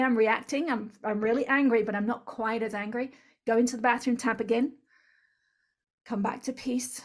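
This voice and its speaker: A woman with a mid-range voice speaks as an interview guest, earnest and instructive. She explains step by step and keeps tagging her points with "right?". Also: mid-range voice.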